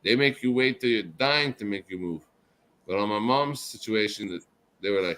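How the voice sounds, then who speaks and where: A man's voice: on the low side, moderate pace. Drunk, rambling man hosting a chat. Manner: profane, rambling, swings between loud outbursts and mumbling. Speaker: show host.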